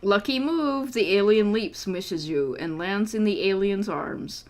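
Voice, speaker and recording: A woman's voice: mid-range voice, measured pace. A woman acting as game master, reading a gamebook aloud to friends and cutting in with sarcastic, exasperated asides.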